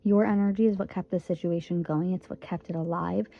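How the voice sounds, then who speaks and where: A woman's voice: lowish voice, fairly even intonation, brisk, vocal fry, narrow, tinny audio. A woman in her twenties from Michigan, giving a casual, earnest tarot reading and repeating phrases for emphasis. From Michigan, USA. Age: 20s. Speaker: tarot reader.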